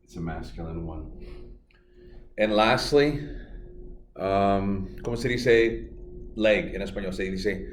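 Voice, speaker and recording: A man teaching a beginner Spanish lesson remotely, playful and jokey, repeating words slowly for his students. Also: low voice, a little hiss or hum. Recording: echoey room, from far off, faint music.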